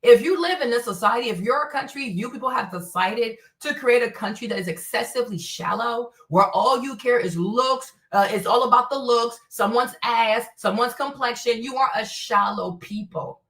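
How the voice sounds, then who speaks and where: Speaking at a normal speed with hardly any pauses, a woman from Africa hosts a livestream and rants her opinions bluntly and profanely, leaning on lots of rhetorical questions. Her voice is a little high and fairly bright. The audio comes from a far-off mic in a room with echo.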